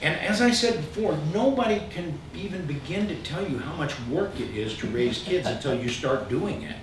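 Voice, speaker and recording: A middle-aged man spinning self-mocking stories on stage, animated and quick to laugh, his voice slightly high. He sits far from the mic in a booming, echoey hall, with a clear wash of ambient noise underneath. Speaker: storyteller. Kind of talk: live comic storytelling.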